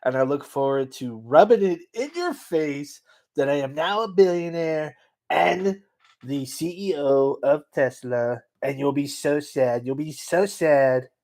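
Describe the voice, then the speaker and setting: A man's voice: on the high side, a little slow, darkish tone. A man hosting a comedy video, teasing an AI with mock-boastful banter in casual chat. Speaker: YouTube comedy host.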